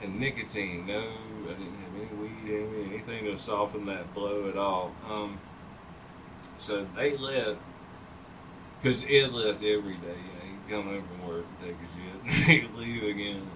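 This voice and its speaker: A man's voice: lowish voice, steady tone, moderate pace. A man in his fifties telling a long story in casual chat. He rambles, swears freely and laughs often. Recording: distant mic with noticeable background noise.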